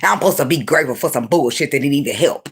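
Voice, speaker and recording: A woman giving an unscripted tarot reading in a blunt, profane, animated way, breaking into laughs often. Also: rumbling low, racing, breathy edge. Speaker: tarot reader.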